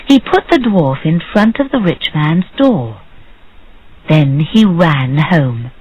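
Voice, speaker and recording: Woman storyteller for learners of English, slow and breathy. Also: muffled recording. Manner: slow, clear, simple sentences with lively pitch. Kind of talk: scripted story narration.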